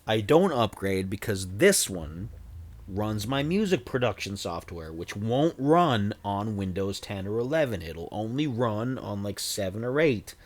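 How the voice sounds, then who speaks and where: Man, 40s, fairly low voice, casual livestream chat, rambling, self-deprecating jokes. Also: sing-song, measured pace.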